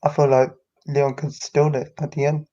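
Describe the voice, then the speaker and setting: A man's voice: on the high side, level tone, moderate pace, warm tone. A man co-hosting, reacting to a football match in casual chat with short, eager comments. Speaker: co-host. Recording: dull lo-fi mic.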